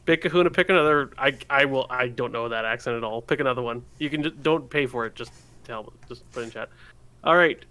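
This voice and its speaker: A man's voice: mid-range voice, bright, forceful tone, clean tone. A man co-hosting a podcast, chatting casually and jokingly while playing a card game. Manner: quick, joking, thinking aloud. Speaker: podcast co-host. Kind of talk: casual game-play chat.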